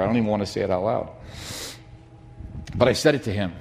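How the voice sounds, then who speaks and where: A middle-aged man preaching a sermon, telling a personal story in an animated, emphatic way. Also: mid-range voice, fast talker. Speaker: pastor.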